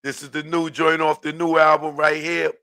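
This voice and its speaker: A man hosting a casual live-stream, talking in a relaxed, slangy way and hyping up his viewers. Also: a little high, clean tone. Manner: laid-back, hypes viewers, drawn-out street slang. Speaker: live show host.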